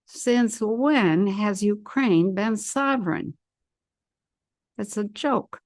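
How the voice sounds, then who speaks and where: A woman giving a solo commentary as an intuitive commentator, measured and deliberate, with firm opinions. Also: medium pitch, a little mellow, dry recording, studio quality.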